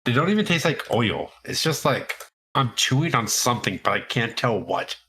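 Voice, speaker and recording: Lively husky male podcast co-host. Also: medium pitch, normal speed. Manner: animated, swears freely. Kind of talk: casual chat.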